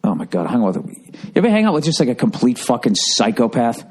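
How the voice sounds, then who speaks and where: A man's voice: medium pitch, fast talker, breathy edge. A man hosting a podcast, talking casually in a profane, rambling way that jumps between topics. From United States. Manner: profane, rambling, animated storytelling. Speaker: podcast host. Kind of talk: casual solo podcast rant.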